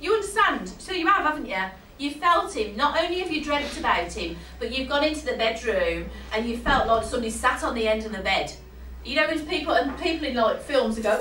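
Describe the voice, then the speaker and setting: A woman gives a medium's reading to a live audience, chatty and laughing often as she checks in with her listener. Her voice is on the high side, animated, and a bit bright, and she talks fast with few pauses. It's heard from far off in an echoey hall, with slight background noise.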